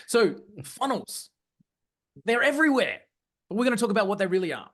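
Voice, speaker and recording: A man presenting a live online training session, energetic and often checking in with his audience. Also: sits high, brisk. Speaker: webinar presenter.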